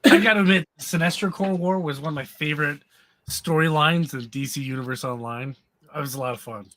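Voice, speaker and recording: Panelist man, bright and a bit high, easygoing opinions. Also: a little fast, dry recording. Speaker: comic book show panelist. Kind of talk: casual panel chat.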